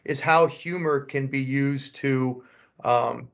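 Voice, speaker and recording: Halting male podcast host. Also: mid-range voice, vocal fry. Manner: halting, many restarts and fillers while framing questions. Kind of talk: conversational interview.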